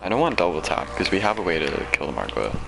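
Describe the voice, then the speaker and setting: A man's voice: low voice, sing-song, fast, vocal fry, over loud music. A man streaming a video game, chatting casually and telling a rambling, self-deprecating story while he plays. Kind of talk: casual gameplay commentary and storytelling.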